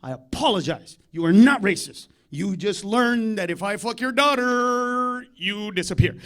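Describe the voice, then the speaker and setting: A man with a strikingly high voice works a comedy club stage on a handheld mic. He is loud, foul-mouthed and combative with the audience, swinging between hushed asides and full-throated shouting. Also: animated, a little slow. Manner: loud, profane, confrontational with the crowd, swings from low mutter to shouting. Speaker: stand-up comedian. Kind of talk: live stand-up routine.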